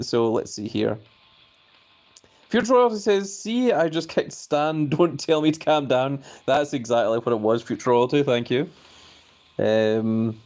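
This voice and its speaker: A man's voice: mid-range voice, darkish tone. Speelse man die chatberichten voorleest. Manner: reads viewer comments aloud and reacts with playful bafflement; jokingly formal, refers to himself in the third person. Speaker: live streamer reading chat. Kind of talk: casual live-stream chat.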